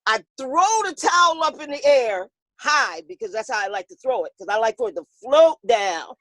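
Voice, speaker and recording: A boxing coach in a woman's high voice tells a lively story, acting out the voices of the people in it. She laughs often as she talks. The sound is dry, with no room echo. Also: normal speed. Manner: animated, acts out quoted voices, laughs often. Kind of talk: storytelling in an interview.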